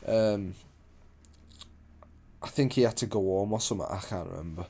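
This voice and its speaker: A man's voice: on the low side, normal speed, vocal fry, warm tone. A young man casually telling a story, rambling, swearing a lot and losing his place.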